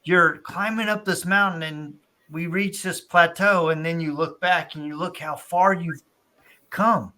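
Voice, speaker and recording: Bright, higher-voiced male podcast host. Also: fairly even intonation, a little slow. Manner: encouraging, reflective, frequent "right?". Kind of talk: casual conversation.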